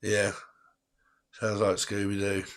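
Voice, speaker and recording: Here a man with a fairly low, monotone voice hosts a tarot livestream. He keeps up a casual, rambling chat with viewers and is quick to laugh.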